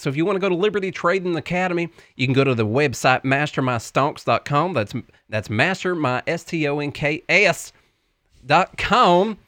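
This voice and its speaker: A man's voice: on the high side, a bit bright, dry recording, studio quality. A man with a Tennessee accent, co-hosting a casual podcast and reading an ad in a folksy, joking way. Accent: Southern US (Tennessee). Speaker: podcast co-host. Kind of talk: casual chat and ad read.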